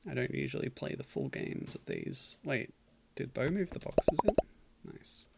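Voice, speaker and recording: Gravelly man chatting over gameplay. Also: medium pitch, huge pitch swings, normal speed, very noisy. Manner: chatty, reads game text aloud, dry self-mocking asides. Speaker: streamer. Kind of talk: casual gameplay commentary.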